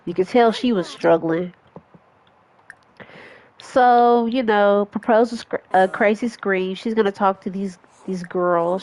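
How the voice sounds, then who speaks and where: A woman's voice: mid-range voice, slow, a little mellow. A woman giving casual, rambling commentary as she plays a life simulation game, with frequent restarts and asides to her viewers. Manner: chatty, rambling with restarts and self-corrections. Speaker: gaming vlogger.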